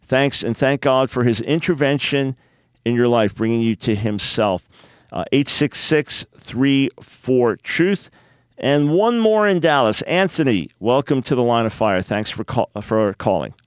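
A man's voice: medium pitch, lively intonation, a little slow, smooth, no echo. A man hosting a radio call-in show, putting earnest, probing questions to callers with frequent restarts.

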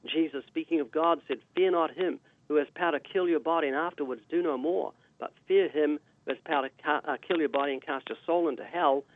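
A man's voice: on the high side, a little fast, few pauses, a little hiss or hum. A man with a New Zealand accent, a guest evangelist preaching emphatically on a radio call-in show. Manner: emphatic, sermon-like delivery. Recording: tinny dry phone line.

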